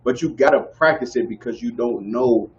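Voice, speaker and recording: A man teaching a group in casual preaching style, animated and conversational, often asking whether listeners follow. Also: medium pitch, moderate pace, dull audio. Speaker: street teacher.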